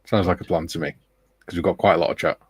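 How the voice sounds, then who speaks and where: Low-voiced man greeting chat viewers. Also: fairly even intonation, quick pace, slightly rough, dry recording. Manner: jokey, chuckling, greets viewers one by one. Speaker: host. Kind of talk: casual chat, reading out live chat. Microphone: video call.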